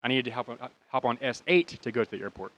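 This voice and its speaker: A man's voice: medium pitch, animated, fast talker, a bit bright. An American man in his thirties casually telling a rambling, profane story and laughing at his own bad luck. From United States. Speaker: podcast host.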